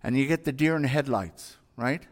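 A man's voice: medium pitch, a little fast. A man preaching a sermon as a pastor, earnest and conversational, asking his listeners rhetorical questions. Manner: earnest, conversational, acts out everyday dialogue and asks rhetorical questions.

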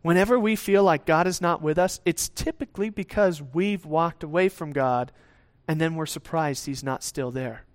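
A man's voice: a little high, moderate pace, few pauses. Man preaching in a conversational way. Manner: conversational preaching, acts out God's lines; tag questions, some restarts. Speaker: pastor. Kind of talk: sermon.

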